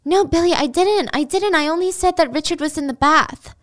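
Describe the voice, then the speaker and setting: A woman's voice: sits high, fairly quick, a bit bright, voice pushed up. A woman voicing a frightened woman who pleads with her captor, stammering as she talks. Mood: pleading.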